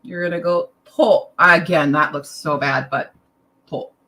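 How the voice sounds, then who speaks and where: A woman's voice: low-pitched, steady tone, measured pace, noisy background. A tired young woman teaching a casual online lesson, chatty and self-deprecating, wandering into side remarks. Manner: chatty, self-deprecating, drifts into asides and laughs. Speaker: language teacher.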